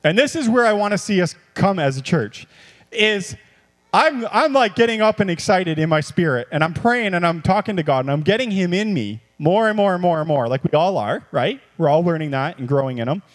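A male pastor with a high voice delivers an animated, repetitive sermon. His talk swings between quiet musing and excited outbursts. The sound carries the long reverb of a church hall. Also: a little fast.

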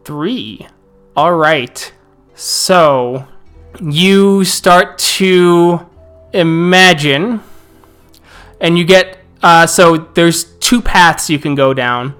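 Male game master, unhurried narrator, faint music behind. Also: fairly high pitch, fairly bright tone, smooth. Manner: slow, drawn-out narration with restarts.

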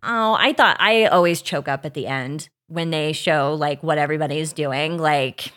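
Low-voiced chatty woman podcast host. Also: normal speed, fairly bright tone. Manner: enthusiastic, chatty, frequent ums and sighs. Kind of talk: casual chat.

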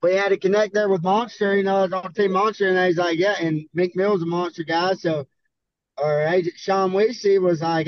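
A man's voice: sits high, fairly even intonation, moderate pace, muffled recording. A man from Arkansas with a Southern accent, telling rowdy stories in a casual, profane, laid-back way as a podcast guest. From Arkansas, USA. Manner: profane, laid-back drawl, laughing storyteller. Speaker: podcast guest, bull rider. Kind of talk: casual storytelling.

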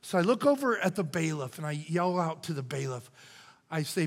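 An older man preaching a sermon as pastor, moving from loud cries to hushed whispers. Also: on the high side, expressive, normal speed. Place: church sanctuary. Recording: church hall reverb.

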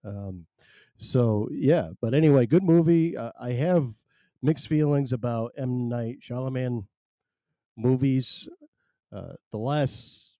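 A man's voice: mid-range voice, slow, mellow, no room sound, clean studio sound. A middle-aged man hosting his own podcast in loose, rambling, self-amused casual chat. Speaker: podcast host. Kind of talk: casual solo podcast chat, reading listener chat.

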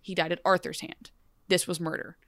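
A woman's voice: fairly low pitch, dry recording. Chatty woman, very dry sound. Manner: animated, talks in quick run-on restarts. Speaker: podcast co-host. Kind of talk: casual chat.

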